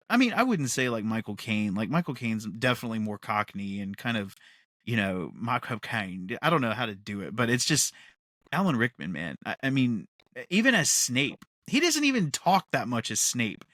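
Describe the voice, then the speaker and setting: A man's voice: medium pitch, sing-song, moderate pace, bright, forceful tone, dry recording, clean studio sound. A man co-hosting a podcast in a casual chat, rambling with enthusiasm and laughing often. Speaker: podcast co-host.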